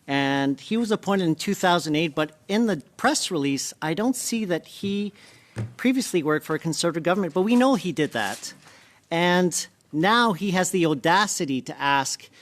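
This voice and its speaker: A man, a member of parliament, speaking in an exasperated, mocking way during a heated committee debate at a desk microphone. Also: fairly high pitch. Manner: exasperated, mocking, breaks into laughter.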